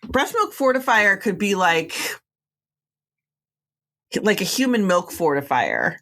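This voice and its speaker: A woman's voice: medium pitch, big pitch swings, takes it slowly, fairly bright tone. A woman co-hosting a podcast, reading listener letters aloud and chatting with enthusiasm. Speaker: podcast co-host. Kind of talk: casual podcast chat, reading listener mail.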